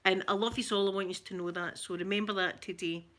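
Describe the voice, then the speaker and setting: Scottish lady chatting away to her viewers, bright ringing voice, goes soft and cooey with her pet. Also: mid-range voice, steady tone, fast talker. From Scotland. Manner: chatty, coos softly in baby talk to her pet. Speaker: ASMR channel host. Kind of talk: casual chat to viewers.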